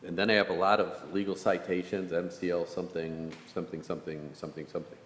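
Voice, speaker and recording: A man's voice: low voice, level tone, fast talker, fairly bright tone. A council member weighing a request aloud, hesitant and wry, thinking as he talks. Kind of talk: council meeting deliberation. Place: council meeting chamber. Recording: echoey chamber with faint hiss.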